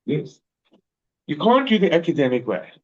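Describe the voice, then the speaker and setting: South African man, Spanish tutor, slangy and lively, calls students bro, slightly muffled recording. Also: a little high, moderate pace. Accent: South African English. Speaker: Spanish teacher. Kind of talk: casual one-on-one tutoring.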